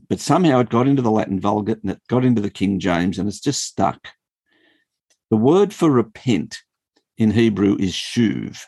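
A man, a former school principal, teaching the Bible in an animated, storytelling way, often chuckling. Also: on the low side, slightly rough, no echo. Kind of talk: explanatory Bible talk.

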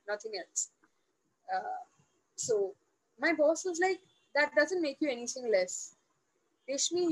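High-voiced woman. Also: poor audio. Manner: animated, acts out quoted dialogue; loose, restarting, many fillers. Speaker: interview guest. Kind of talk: personal storytelling.

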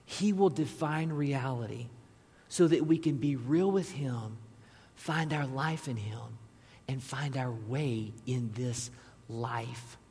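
A man preaches in a casual, talk-to-the-room way, pausing to put questions and asides straight to his congregation. His voice is a little husky. The sound carries the long echo of a large church sanctuary. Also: mid-range voice, darkish tone. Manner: conversational preaching with asides to the audience. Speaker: pastor. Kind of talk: sermon. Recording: long reverb of a large hall.

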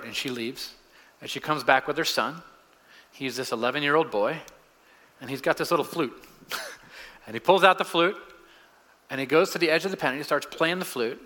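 A man preaching a sermon in a relaxed, conversational way, with restarts and fillers, and dropping quieter when he quotes. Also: medium pitch, brisk, pauses often. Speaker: pastor. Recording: long hall reverb.

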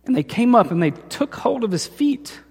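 A man's voice: very high-pitched, very animated, moderate pace, gravelly, a little mellow, breathy edge. A man preaching a sermon as pastor, telling stories and acting out the voices of the people in them. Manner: storytelling, acts out voices in quotes. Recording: long hall reverb.

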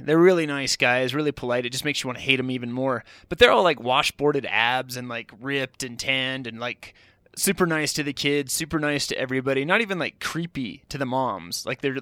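Middle-aged male comic storyteller, self-deprecating and rambling, average pitch, dry recording. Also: sharp tone, no echo. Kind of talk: comedic personal storytelling.

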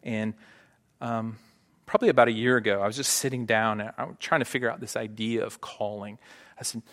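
In a church sanctuary with long hall reverb, a pastor preaches to his congregation in a lowish, steady, brisk voice with a fairly bright tone. His delivery is conversational, peppered with frequent "right?" check-ins.

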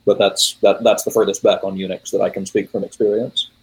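A man's voice: lowish voice, little pitch movement, brisk, slightly rough, rough recording. A man in his late forties from the United States, talking shop casually about computing, rambling with many fillers and self-corrections. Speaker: podcast guest. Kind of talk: casual technical chat.

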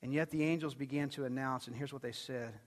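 A man's voice: medium pitch, fairly even intonation, fast. A male pastor preaching a sermon in a conversational, storytelling way, often putting questions to the congregation. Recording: long hall reverb.

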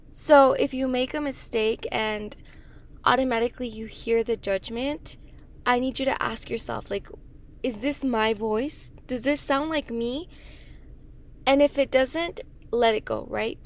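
A young woman in her twenties with a slightly high voice talks straight to her viewers. Her delivery is earnest and coaching. She repeats her points and keeps checking in with little tag questions. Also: a bit bright. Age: 20s. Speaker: self-help vlogger. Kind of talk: casual talk to camera.

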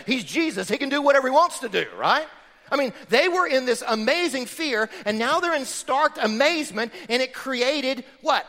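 A man preaching from the pulpit with a high, bright, forceful voice that leaps up and down as he acts out voices for his points. The sound carries a long reverb from the church sanctuary. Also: moderate pace. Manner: animated preaching, acts out quotes. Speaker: pastor. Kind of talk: sermon.

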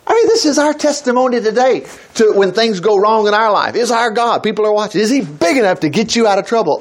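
An older man leads a casual Bible teaching, reading verses aloud and stopping to comment. His voice sits high and swings widely in pitch. He talks in a relaxed, chatty way and then rises into emphatic bursts. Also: brisk, few pauses. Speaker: preacher.

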